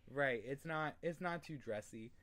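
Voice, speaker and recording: Relaxed young man tutoring English. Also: mid-range voice, unhurried. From New York State, USA. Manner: relaxed, many fillers and throat clearing. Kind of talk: casual online lesson.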